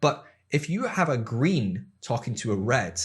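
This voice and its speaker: Man, podcast guest, mid pitch, animated explainer who slips into quoted voices, many fillers. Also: measured pace. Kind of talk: casual explanatory chat.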